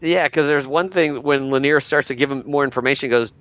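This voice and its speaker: A man's voice: medium pitch, fairly quick, fairly bright tone, dry recording. A man co-hosting a podcast in casual chat, retelling stories with restarts and quotes. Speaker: podcast co-host.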